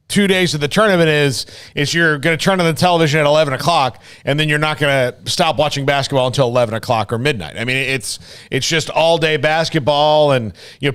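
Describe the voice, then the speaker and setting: Smooth-voiced rambling radio co-host man. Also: a little high, fairly bright tone. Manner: rambling, many fillers. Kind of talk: casual sports radio chat.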